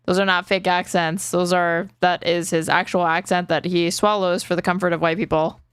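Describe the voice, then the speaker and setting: A woman with a smooth, clean voice rants on her stream, exasperated and swearing freely. Her voice is recorded dry and close. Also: fairly low pitch, level tone, normal speed, no room sound. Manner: exasperated, profane ranting. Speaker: streamer host. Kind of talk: reaction-stream commentary.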